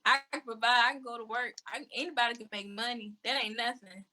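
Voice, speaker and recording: A woman speaks as an interview guest with a fairly high, very bright and forceful voice. She is blunt and outspoken and tells it how she sees it in relaxed, casual talk. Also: fast talker.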